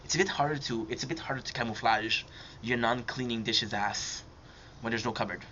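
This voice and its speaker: Bright and forceful, his mid-range voice moves fairly quickly with fairly even intonation. The live streamer, a Frenchman by accent, banters with a stranger, teasing and swearing liberally as he jokes, captured in dull lo-fi audio with a faint background hum.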